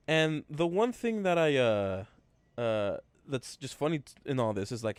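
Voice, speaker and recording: A man co-hosting a podcast, talking in a rambling, halting way with many fillers. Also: a little high, huge pitch swings, dry recording. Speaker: podcast co-host. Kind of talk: casual chat.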